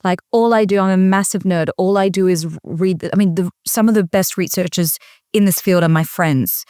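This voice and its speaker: A woman speaking as an interview guest, confident and energetic, with neat quotable phrasing. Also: on the low side, brisk, no echo, studio quality. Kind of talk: interview conversation.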